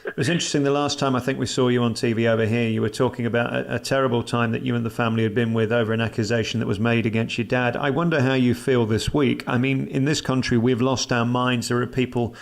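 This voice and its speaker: Male interview host, middle pitch, teasing and chatty with his guest. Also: level tone, fast, gravelly. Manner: jokey, opinionated questions. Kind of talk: casual interview chat.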